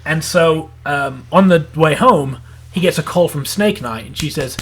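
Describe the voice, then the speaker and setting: A man's voice: a little high, slight background noise. A man co-hosting a casual review podcast, rambling through a plot recap full of "like" and acting out character lines. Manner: acts out character lines in quick voices. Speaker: podcast co-host. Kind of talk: casual anime review chat.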